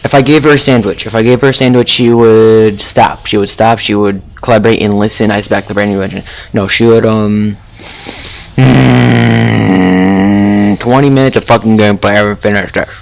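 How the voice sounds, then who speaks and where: A man's voice: lowish voice, fairly even intonation, moderate pace, creaky. A man giving horror game commentary, jumpy and gasping, swearing and taunting the monster. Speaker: gaming video creator.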